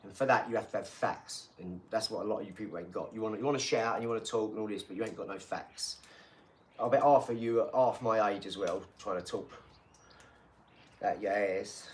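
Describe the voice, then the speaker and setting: A man's voice: on the low side, fairly quick, husky. A man who is a father, rambling and boastful in casual live-stream chat, mixing in street slang. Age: adult father.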